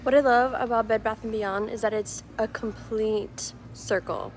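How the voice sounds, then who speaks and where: A woman's voice: fairly high pitch, fairly even intonation, moderate pace, a little hiss or hum. A bubbly young woman in her twenties, chatting playfully on a handheld camera while walking through shops. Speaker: vlogger. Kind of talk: casual vlog chat. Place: shops and a restaurant, indoors.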